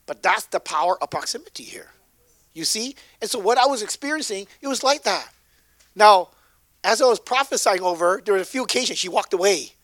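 A man preaching and telling a healing story to a congregation, swinging from loud bursts to hushed asides. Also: sits high, lively intonation, fairly quick, no echo. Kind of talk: sermon storytelling.

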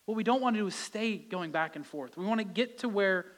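A man's voice: high voice, fairly quick. A male pastor giving a conversational sermon, his voice rising with emphasis at key points.

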